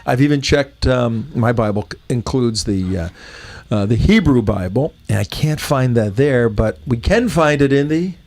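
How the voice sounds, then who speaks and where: A middle-aged man hosting a political talk show, opinionated and halting, often restarting his sentences. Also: medium pitch, animated, darkish tone.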